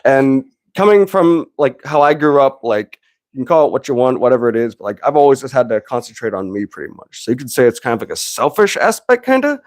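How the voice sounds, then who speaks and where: A man's voice: medium pitch, very animated, fast talker, no room sound, studio quality. A man in his thirties hosting a podcast, chatting casually, rambling and laughing often as he acts out little quotes. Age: 30s. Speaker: podcast host. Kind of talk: casual chat.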